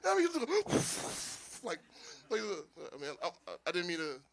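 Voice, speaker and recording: Performing stand-up in a small live venue before an audience, this man from Philadelphia has a voice that sits high and an unhurried delivery. His storytelling is loose and animated, punctuated by frequent laughs at his own jokes.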